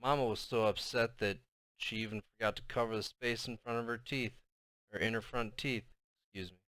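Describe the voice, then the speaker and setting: A man reading a novel aloud in the first person, with expressive storytelling that drops soft and low in tense passages. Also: brisk, no room sound. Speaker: audiobook narrator.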